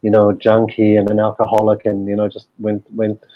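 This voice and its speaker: A man's voice: on the low side, completely flat delivery, brisk, narrow, tinny audio, a little hiss or hum. A middle-aged man, a guest telling his life story candidly, with frequent fillers and swearing. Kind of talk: personal storytelling.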